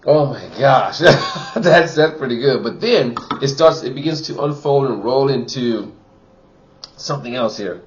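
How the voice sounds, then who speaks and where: A man's voice: mid-range voice, normal speed, dull audio, a little hiss or hum. A man giving a casual wine tasting review, chatty and full of "you know" fillers, from Wisconsin.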